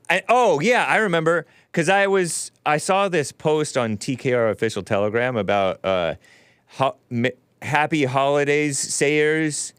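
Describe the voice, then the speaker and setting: A man's voice: on the high side, measured pace, fairly bright tone, clear, resonant tone, no room sound, studio quality. A man hosting a call-in show, chatting loosely with callers and laughing often. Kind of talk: casual call-in talk.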